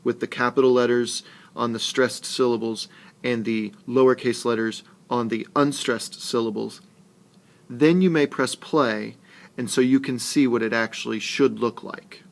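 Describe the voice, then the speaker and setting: Male teacher, slow and patient delivery, mid pitch, screencast lesson. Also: fairly even intonation, gravelly. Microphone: tablet screencast mic.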